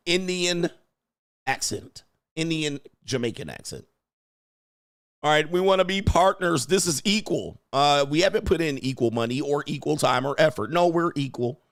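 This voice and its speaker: This man's voice sits on the high side, with lively intonation and a normal pace, recorded clean in a studio without echo. Hosting a livestream, he rants crudely and bluntly about business partners and cracks himself up.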